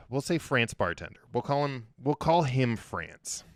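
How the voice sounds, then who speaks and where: A man telling a story as a podcast guest, loose and profane. His pitch swings widely as he jokes. The sound is close and dry. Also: unhurried, dry recording. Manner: animated, profane, joking. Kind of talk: casual storytelling.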